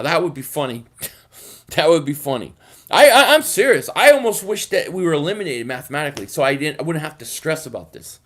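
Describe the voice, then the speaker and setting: Philly guy venting on a live stream, kinda high voice, keeps stuttering I, I, I. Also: fairly bright tone. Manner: frustrated, repetitive, stammering restarts. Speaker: sports fan channel host.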